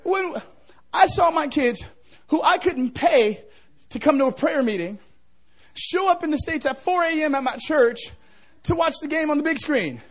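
High-voiced joking pastor, rising to shouts. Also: male voice, lively intonation, normal speed. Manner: humorous, builds to shouting. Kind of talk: revival sermon.

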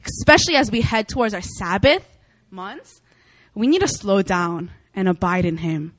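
A young woman preacher giving a casual sermon, chatty and animated, often laughing as she tells stories. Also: medium pitch, normal speed, no room sound. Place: church meeting room.

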